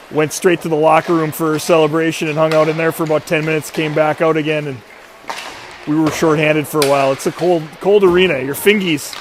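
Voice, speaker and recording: A man's voice: a little high, a little hiss or hum. A man doing chatty, rambling commentary on a youth hockey livestream. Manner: rambling, chatty, self-mocking.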